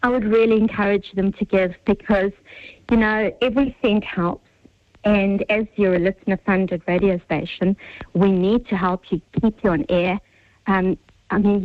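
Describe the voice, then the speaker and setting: Upbeat kiwi lady phoning in from her car, bright and chatty, thin phone sound. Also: medium pitch. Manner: chipper, upbeat, laughs easily. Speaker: caller. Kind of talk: phone-in chat. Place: car on the way to work. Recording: tinny phone line.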